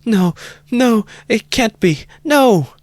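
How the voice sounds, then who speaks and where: Man putting on a frightened young woman, pleading high. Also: sing-song, slow pace, no room sound, exaggerated voice. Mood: desperate. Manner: cries out in desperate pleading. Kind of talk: audiobook character voice.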